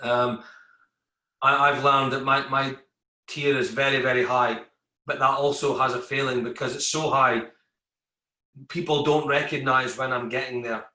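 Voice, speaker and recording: Man, army veteran guest, candid podcast talk, sharp bright voice, roomy echo. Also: mid-range voice, moderate pace, long pauses. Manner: animated storytelling, acts out exchanges with coworkers. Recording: echoey room.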